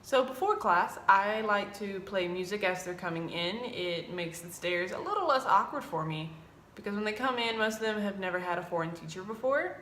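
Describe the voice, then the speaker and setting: A woman's voice: mid-range voice, normal speed, echoey room, slight background noise. A young woman in her twenties, an English teacher telling classroom stories in a casual vlog, acting out her students' lines. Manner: animated, acts out students' lines in quoted voices.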